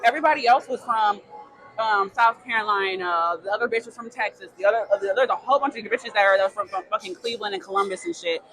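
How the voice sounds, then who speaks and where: A young adult woman co-hosting a casual chat, telling a lively story, swearing freely and acting out the people she quotes. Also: mid-range voice, fast, low-quality recording. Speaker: podcast co-host.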